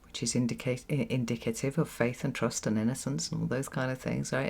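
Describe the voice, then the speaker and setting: Gravelly-voiced tarot reader, reflective. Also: medium pitch, fairly even intonation, fairly quick, few pauses, a little mellow. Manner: reflective, often asks "right?" and repeats words for emphasis. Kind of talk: solo tarot reading to camera. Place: home with children nearby.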